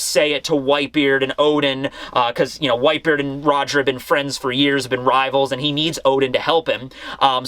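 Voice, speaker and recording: Young man, casual manga review, animated, high bright voice, dry sound. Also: no echo. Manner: animated, acting out scenes.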